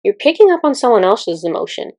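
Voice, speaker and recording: A woman in casual spiritual teaching talk, chatty and quick to laugh, with many fillers. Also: medium pitch, very animated, darkish tone, dry recording.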